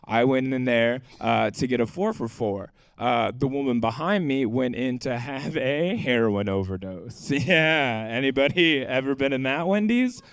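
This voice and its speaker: A man's voice: mid-range voice, a little slow, few pauses, clean tone. Man doing stand-up, laughing at his own punchlines. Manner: laughs through his punchlines, deadpan asides. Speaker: stand-up comedian. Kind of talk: stand-up set and banter. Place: comedy club stage.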